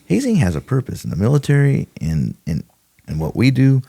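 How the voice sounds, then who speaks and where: A man's voice: mid-range voice, huge pitch swings, a little fast, gravelly, warm tone, husky. An older man, a retired detective, telling stories in a casual interview, acting out quotes and laughing often. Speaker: retired homicide detective, podcast guest.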